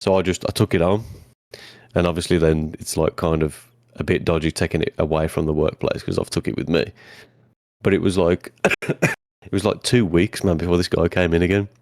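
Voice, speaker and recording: A man's voice: deep voice, gravelly, darkish tone, no echo, clean studio sound. A man, a podcast co-host telling a story in blunt, casual chat with plenty of swearing.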